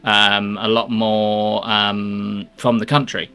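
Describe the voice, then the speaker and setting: A man's voice: fairly low pitch, level tone, slow pace, vocal fry, bright, forceful tone, clear, resonant tone, soft background music. A man with a posh theatre-trained English accent chatting casually on a stream, rambling and laughing at his own jokes. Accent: posh southern English, trained by theatre. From England. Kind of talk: casual chat.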